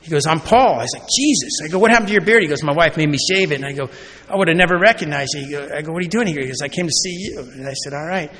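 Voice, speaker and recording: A man's voice: on the high side, very fast, a bit bright. Man telling a story in a reverberant hall. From Oregon, USA. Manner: storytelling, acts out conversations, often tags lines with "right?". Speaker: recovery meeting speaker. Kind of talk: personal recovery story told to a convention crowd. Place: large convention hall. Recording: long hall reverb, faint background noise.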